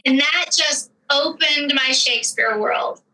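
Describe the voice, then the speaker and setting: Woman guest on a studio podcast, high, very bright tone, reflective storyteller. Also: a little slow, rough recording. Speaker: actress, writer and director guest. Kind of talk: podcast interview.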